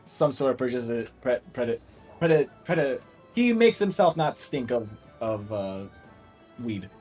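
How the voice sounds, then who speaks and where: A man's voice: mid-range voice, sing-song, unhurried, darkish tone, soft background music. A young man narrating a tabletop game as game master, rambling with fillers and restarts.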